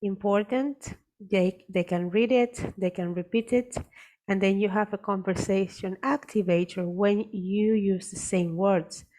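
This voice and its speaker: Slow, deliberate woman teacher. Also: mid-range voice, steady tone, mellow. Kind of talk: screen-share software tutorial.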